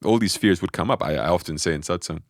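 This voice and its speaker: In a relaxed podcast chat, a fast-talking man with a low voice animatedly shares a personal spiritual story, frequently restarting sentences. The audio is studio quality with no echo.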